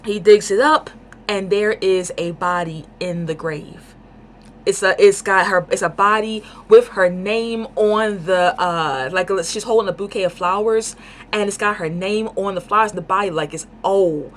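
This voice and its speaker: A woman giving a casual book review, talking in an excited, rambling way with lots of fillers. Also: mid-range voice, normal speed, a little hiss or hum.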